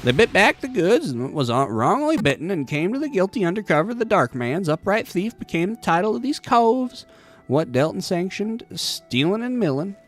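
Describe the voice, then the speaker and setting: A man's voice: sits high, sing-song, moderate pace, soft background music, voice pushed up. A man doing a wry old rogue guild leader.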